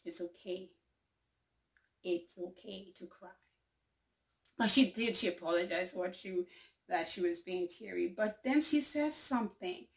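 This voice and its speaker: Slow, heartfelt woman sharing encouragement. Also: mid-range voice, creaky, distant mic. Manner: slow, heartfelt, dwells on quoted lines. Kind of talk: reflective motivational talk.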